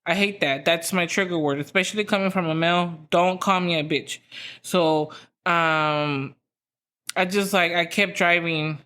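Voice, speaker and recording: A woman's voice: on the low side, steady tone, measured pace, pushed and bright. Profane, rambling woman telling a story. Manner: profane, rambling, lots of "like" fillers. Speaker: podcast host. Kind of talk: casual storytelling.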